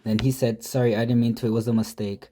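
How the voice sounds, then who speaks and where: A man's voice: medium pitch, flat delivery, fast talker, background noise. A man casually telling a prank story, reading out text messages with profane, mocking, exasperated commentary.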